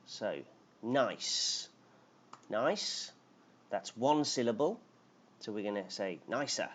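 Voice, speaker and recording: A man's voice: lowish voice, lively intonation, normal speed. A man teaching English grammar on a live stream, explaining patiently and reading out names from the chat. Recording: dull lo-fi stream audio with faint noise.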